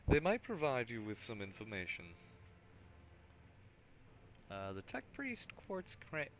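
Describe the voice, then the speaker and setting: A man's voice: lowish voice, pushed and bright, slight background noise. A man voicing a harried male planetary governor, reading the lines in a tired, put-upon way.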